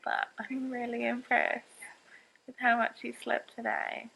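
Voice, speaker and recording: A young woman, a new mother, chatting casually to camera at home, talking slowly with a gravelly edge. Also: a little high, level tone, pushed and bright, rough recording. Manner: chatty, talks to her baby in a sing-song voice. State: tearful. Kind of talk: casual vlog chat.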